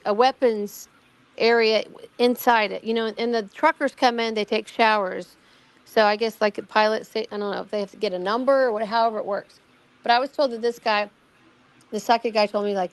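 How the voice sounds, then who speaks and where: Her voice on the high side and her pace fairly quick, a middle-aged guest rambles casually through her own amateur investigation. She repeats words, starts sentences over and quotes what others told her.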